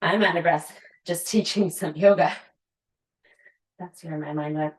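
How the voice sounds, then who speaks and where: A woman guiding a yoga flow, her voice on the lower side as she steadily calls out poses and breaths. She drifts into easygoing, laughing asides between cues. The sound carries the echo of a roomy space. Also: fairly even intonation, unhurried. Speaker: yoga instructor. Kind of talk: guided yoga class cueing. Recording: echoey room.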